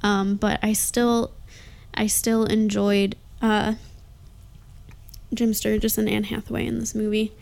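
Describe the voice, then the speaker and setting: A woman talking casually about a film, soft-spoken and hesitant, often pausing with ums and hedging her opinions. Her voice sits at an ordinary middle pitch for a woman. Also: level tone, vocal fry. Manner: hesitant, lots of fillers, mildly defensive. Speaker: co-host discussing a movie. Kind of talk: casual chat.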